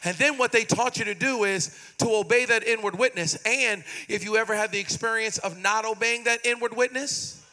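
High, bright-voiced preaching pastor. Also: male voice, a little fast, hardly any pauses. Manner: call-and-response preaching, rising to shouts and sung phrases; acts out prayers in a softer, pleading voice. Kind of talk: sermon. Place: church sanctuary.

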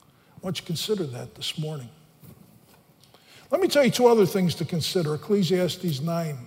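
A man preaching a sermon as a pastor, earnest and pressing, climbing higher and louder on the points he stresses. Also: expressive, normal speed, pauses often. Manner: earnest, rising in pitch and force for emphasis. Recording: long hall reverb, faint music.

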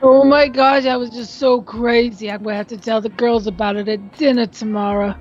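A woman's voice: fairly high pitch, steady tone, moderate pace, darkish tone, highs cut off, lightly acted. A woman voicing a gossipy older woman with a shady past, drawling and calling everyone honey. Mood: folksy gossip. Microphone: computer mic over an online call.

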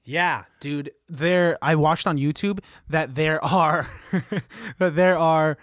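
A man's voice: on the high side, steady tone, slow, a bit bright, no room sound, clean studio sound. A young man co-hosting a podcast, joking and rambling in casual chat. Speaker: podcast co-host.

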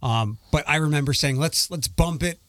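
A man's voice: a little high, normal speed, fairly bright tone, no room sound. A man co-hosting a podcast in casual chat, talking in a chatty, sarcastic way with frequent restarts. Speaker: podcast co-host.

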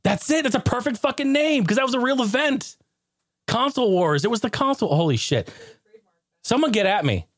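A man hosting a podcast in casual chat, animated, profane and joking. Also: extremely high pitch, fairly quick, no echo. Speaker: podcast host.

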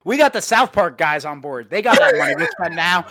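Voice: mid-range voice, very animated, a little fast, fairly bright tone, soft background music. A podcast co-host telling rambling stories in casual chat, laughing mid-sentence and swearing.

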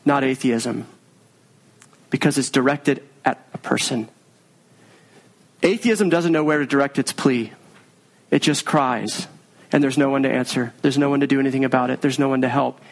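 An earnest male pastor preaching in a conversational, unhurried way. His voice sits a little high for a man. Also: rough recording. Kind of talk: sermon.

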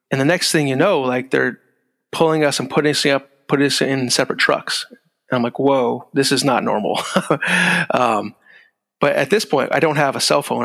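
A man's voice: medium pitch, creaky, fairly bright tone. A middle-aged man, a guest on an interview show, telling a story in a laid-back way. He laughs as he goes and acts out the lines of the people in it. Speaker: guest, former security agent. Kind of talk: casual storytelling. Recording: long room reverb.

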